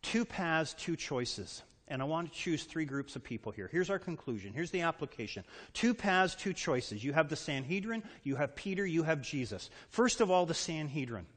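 A man's voice: a little high, sing-song, fairly bright tone. Male pastor, sermon delivery with acted-out quotes; reverberant sanctuary. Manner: preaching with dramatic pauses and acted-out quotes.

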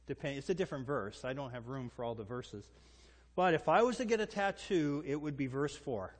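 Speaking at a moderate pace, a male pastor delivers an animated, emphatic sermon that pushes listeners with rhetorical questions. His pitch sits slightly above the typical man's, and the sound trails off in long reverb, like a big hall.

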